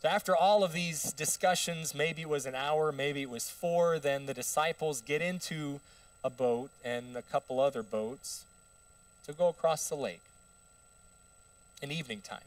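A man's voice: a little high, moderate pace, dry recording, recorded from a distance. A male pastor giving a conversational sermon, putting rhetorical questions to the congregation. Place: church sanctuary.

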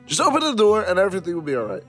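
A man's voice: high-pitched, huge pitch swings, rapid-fire, faint music behind. A man voicing an oddly upbeat young male friend, breezy in manner. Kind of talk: Minecraft roleplay voice acting.

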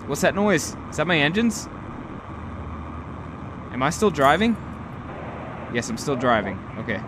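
A young man giving live gameplay commentary, talking to himself, excitable and swearing often. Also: medium pitch, unhurried, long pauses, background noise. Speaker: gaming video host.

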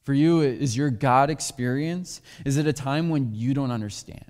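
With a long hall reverb on the recording, a man preaches in a church sanctuary, open about his own life and telling personal stories. He has a mid-range, darkish voice and a moderate pace.

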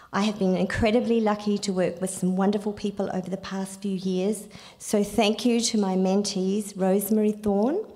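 A woman with a New Zealand accent reads out an acceptance speech for someone else. Her voice sits at an ordinary middle pitch, and she stops and restarts now and then in a halting, apologetic way. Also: dark tone, big-room sound. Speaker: award acceptor.

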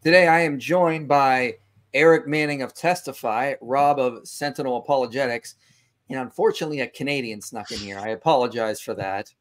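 A man's voice: medium pitch, a little fast. Male host, playful and jokey, running a casual video-call panel. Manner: joking, playful.

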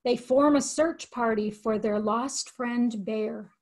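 An older woman teaching from a picture book, reading slowly and expressively and pausing to explain words. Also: a little high, darkish tone. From United States. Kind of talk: read-aloud lesson for educators.

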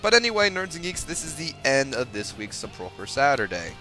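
A young man hosting his gaming video, giving profane, excitable commentary with sudden yelps while he plays. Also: mid-range voice, fairly quick. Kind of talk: profane live gameplay commentary. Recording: game music behind voice.

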